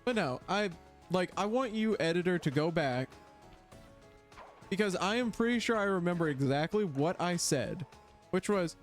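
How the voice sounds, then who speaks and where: A man playing through a game on stream, talking to his viewers in a lively, bouncy voice that swings high and low. His tone sits a little above the usual male range, and he keeps spilling into theatrical disbelief. Soft game music plays faintly underneath. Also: normal speed, pauses often. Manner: excitable, exaggerated exasperation. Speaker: gaming streamer. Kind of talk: let's play commentary.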